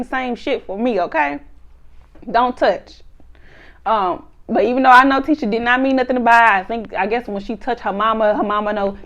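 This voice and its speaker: Laughing, animated woman recapping a show. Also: fairly high pitch, lo-fi sound. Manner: animated, laughs often, acts out quotes; blunt, swears freely. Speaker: reality show reviewer. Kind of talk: casual episode recap.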